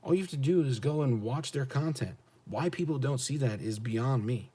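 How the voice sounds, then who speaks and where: The speaker is a husky-voiced American trucker with a medium-pitched, dark tone, talking at normal speed. On his live stream he bluntly and profanely rants in reply to chat, repeating the questions for emphasis.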